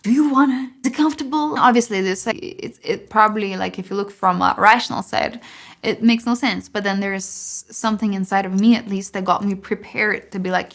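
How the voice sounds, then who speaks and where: A young woman, a singer, telling stories to camera in a loose, rambling way, full of fillers and lively asides. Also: mid-range voice, normal speed. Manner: rambling, filler-heavy, animated storytelling. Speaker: singer and songwriter. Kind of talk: casual storytelling to camera.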